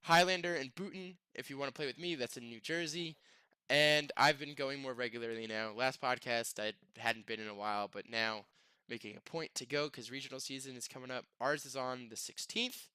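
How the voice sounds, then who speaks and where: A man's voice: mid-range voice, a little fast, sharp tone, smooth, dry recording. A man hosting a podcast in casual chat, rambling and self-mocking. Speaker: podcast host.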